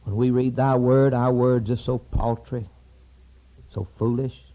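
A man preaching an impassioned sermon, rising to high cries and dropping to hushed, low tones. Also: fairly even intonation, a little slow, phone-quality sound.

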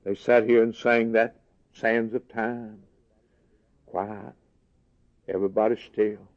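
A man preaching a sermon in earnest, plain folksy words, dropping to a hush and then rising for emphasis. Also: lowish voice, flat delivery, slow pace. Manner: earnest, swings from soft and hushed to raised emphasis. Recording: dull lo-fi sermon recording.

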